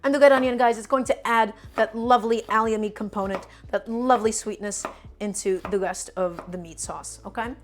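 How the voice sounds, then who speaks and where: A woman with a slightly high voice runs a live cooking lesson from her home kitchen. She talks easily and constantly, walking viewers through each step and calling them "guys" as she coaches them along. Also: fairly even intonation, a little fast, slight background noise. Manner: chatty and coaching, addresses the audience as "guys" and repeats "go ahead". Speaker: cooking streamer. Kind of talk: live cooking stream, chatting with viewers while prepping.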